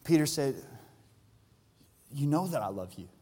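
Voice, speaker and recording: Pastor, man, mid-range voice, earnest preaching with loud emphatic peaks, long hall reverb. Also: medium pitch, lively intonation, measured pace, breathy edge. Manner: earnest preaching, builds to loud emphatic peaks, drops soft for tender lines. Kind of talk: Easter sermon. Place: large church hall. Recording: live church hall with long reverb and soft music.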